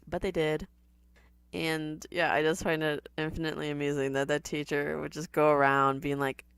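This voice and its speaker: A woman giving casual, sardonic reaction commentary on a TV episode, chatty and quick to laugh. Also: sits low, vocal fry, clear, resonant tone, no echo.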